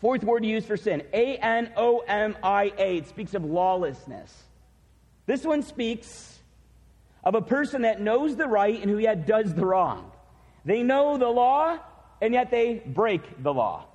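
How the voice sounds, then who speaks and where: A man preaching a sermon as pastor, earnest and self-deprecating, spelling out words slowly. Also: high-pitched, very animated, darkish tone, husky, in a large hall. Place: church.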